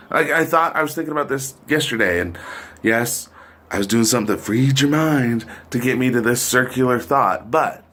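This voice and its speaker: A man's voice: medium pitch, a bit bright, breathy edge. A middle-aged man hosting a podcast, delivering a profane, sardonic, rambling political rant. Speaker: podcast host. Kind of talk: ranting political monologue.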